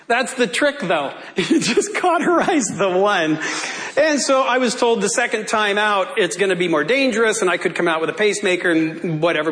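A male pastor preaching a sermon in church, telling a story in a lively way and laughing often. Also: high voice, in a large hall. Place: church sanctuary.

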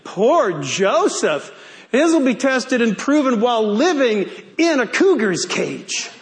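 Preacher guy with a high voice, jokey sermon, takes his time, draws words out. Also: very animated, slow, slight background noise. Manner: playful, stretches key words out for emphasis. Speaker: pastor.

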